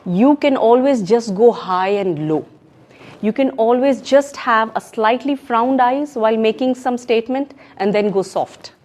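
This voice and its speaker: A woman with a Pakistani accent giving an emphatic, animated talk on public speaking at a club meeting. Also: on the high side, a little slow. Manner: emphatic and animated, mixing in Urdu phrases. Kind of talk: education session talk. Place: meeting room in a co-working space.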